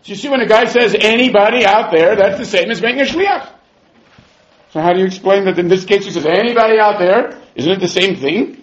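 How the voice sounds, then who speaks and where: Male Talmud teacher, lively and high, debating both sides; roomy, muffled lo-fi recording. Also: quick pace, slight background noise. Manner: animated, argues both sides in quoted voices. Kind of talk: Talmud class lecture. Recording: echoey room, dull lo-fi sound.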